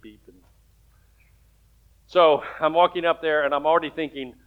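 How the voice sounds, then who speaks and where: A man's voice: a little high, steady tone, normal speed, clean tone, narrow, tinny audio. A man preaching a sermon as pastor, telling stories in a conversational way and rising to emphatic points.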